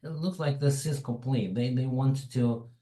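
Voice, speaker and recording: Mellow-voiced man with a foreign accent, lecturing. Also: medium pitch, normal speed, reverberant, poor audio. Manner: digressive, chatty asides while explaining. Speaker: webinar presenter. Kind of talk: informal tech webinar talk.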